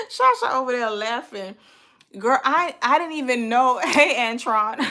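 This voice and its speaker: A woman hosting a livestream, telling a story in an animated, profane, exasperated way. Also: a little high. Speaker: livestream host.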